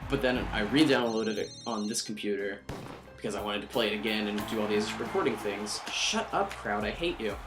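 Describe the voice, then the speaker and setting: A young man giving casual, profane, rambling commentary on a visual novel playthrough, tossing in quick character voices. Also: on the low side, music in the background. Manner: rambling, profane, self-mocking, mimics characters in quick asides. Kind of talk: casual let's-play commentary.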